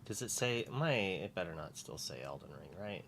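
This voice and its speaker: A man's voice: deep voice, animated, moderate pace, creaky, heavy background noise. A man co-hosting a live stream, making offhand, wry remarks while sorting out the broadcast. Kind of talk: casual chat on a live stream.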